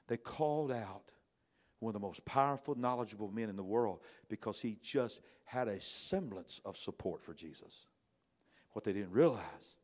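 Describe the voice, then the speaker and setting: A middle-aged male pastor with a voice on the low side preaches a sermon conversationally, swinging between loud bursts and hushed asides.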